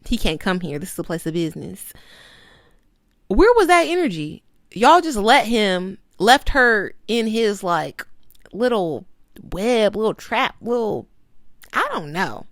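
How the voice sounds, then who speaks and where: Sassy, animated woman reviewing a documentary. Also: mid-range voice, no echo, studio quality. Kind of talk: casual video commentary.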